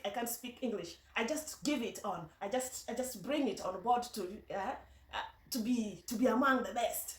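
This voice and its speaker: A woman's voice: on the high side, far from the mic. Luo-accented woman in an echoey room. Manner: chatty storytelling, halting with restarts. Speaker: vlogger. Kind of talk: casual vlog monologue.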